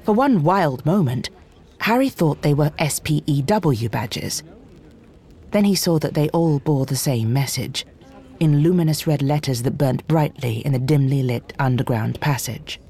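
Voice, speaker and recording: A narrator reading a fantasy novel aloud in a steady, expressive storytelling manner. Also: medium pitch, a little slow, husky. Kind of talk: audiobook reading.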